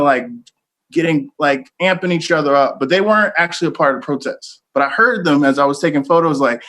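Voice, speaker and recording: A young male photographer speaks about his work in a casual gallery talk, loose and earnest, with plenty of fillers. His voice sits fairly high and sounds fairly bright.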